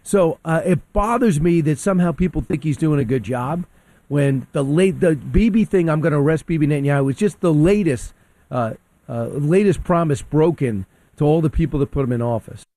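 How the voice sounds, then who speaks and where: A man with a fairly high yet dark, mellow voice, recorded dry and close. He argues heatedly as a talk radio guest, stumbling over and repeating words as he pushes his point. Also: expressive, moderate pace, dry recording. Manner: heated, restarts and repeats words, acts out quotes. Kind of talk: opinionated talk radio discussion.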